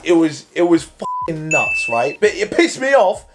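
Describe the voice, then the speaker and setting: A young man telling a story in a casual vlog, animated, swearing a lot and often restarting his sentences. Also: a little high, normal speed, very noisy. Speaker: vlogger.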